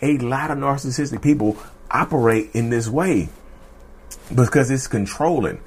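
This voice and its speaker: A man's voice: mid-range voice, expressive, moderate pace, slightly rough. A man vlogging in a loose, conversational monologue who often repeats himself and checks in with the listener. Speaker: vlogger discussing narcissism. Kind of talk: casual direct-to-camera monologue.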